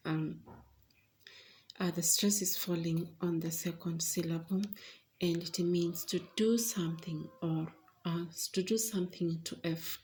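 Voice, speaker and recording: A woman teaching an English pronunciation lesson, explaining deliberately with frequent pauses and fillers. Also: fairly low pitch, a little mellow, slight background noise.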